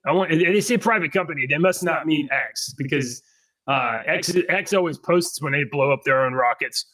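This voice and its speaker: A man's voice: a little high, normal speed, bright, forceful tone, no echo, recorded from a distance. Easygoing man reading news, set back. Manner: easygoing, clears throat often. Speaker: podcast co-host. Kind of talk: casual chat, reading news aloud.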